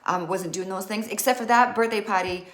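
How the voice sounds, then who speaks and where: A woman's voice: medium pitch, a little fast, fairly bright tone, reverberant. A woman in her forties, an author, frankly telling a personal story to camera in casual, self-mocking talk with many fillers. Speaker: author and vlogger.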